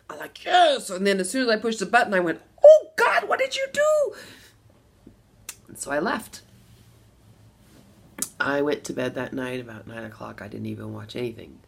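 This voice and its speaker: A middle-aged woman from Las Vegas telling a personal story to camera, animated, with bursts of laughter between lines. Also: deep voice, creaky. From Las Vegas, USA. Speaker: vlogger.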